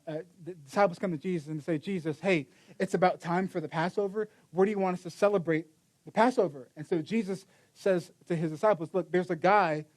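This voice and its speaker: A man's voice: on the high side, darkish tone. A man preaching a sermon in a casual storytelling way, acting out the quotes with many restarts. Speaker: pastor.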